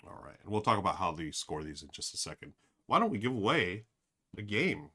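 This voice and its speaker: A man with a low, bright, forceful voice runs a casual live stream as he plays a board game. He thinks aloud, fills gaps with "uh," and talks straight to his chat. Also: big pitch swings, a little fast. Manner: rambling, thinks aloud, many fillers; addresses chat directly.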